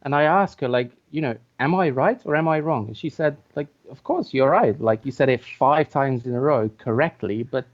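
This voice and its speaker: A man's voice: medium pitch, moderate pace, few pauses. A man co-hosting a casual video-call chat, talking hesitantly with many fillers and restarts. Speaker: co-host. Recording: dull lo-fi audio.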